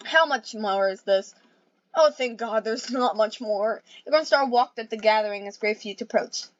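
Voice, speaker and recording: A woman's voice: on the high side, normal speed, no echo. A young woman reading a silly fan story aloud for laughs, with sarcastic asides at the text. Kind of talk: comedic dramatic reading with asides. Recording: dull, dry lo-fi recording.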